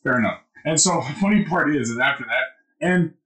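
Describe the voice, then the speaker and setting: Young man, casual podcast storytelling, swearing and laughing, lively pitch, bright tone, roomy echo. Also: normal speed. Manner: profane, laughing, animated. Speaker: podcast co-host.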